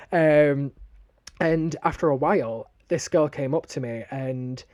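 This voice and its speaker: A man's voice: on the high side, fairly even intonation, fairly quick, a little mellow. A young man with a Northern English accent, co-hosting a podcast and telling a story bluntly, with a lot of swearing. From northern England. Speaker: podcast co-host. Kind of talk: casual podcast chat.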